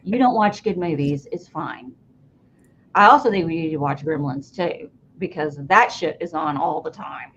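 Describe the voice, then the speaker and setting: An excitable woman from Tennessee, chatting on a podcast with a melody that leaps up and down. She speaks bluntly and stumbles over her words. The audio sounds muffled and lo-fi, with a faint hum underneath. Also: deep voice, normal speed. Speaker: podcast co-host. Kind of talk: casual chat.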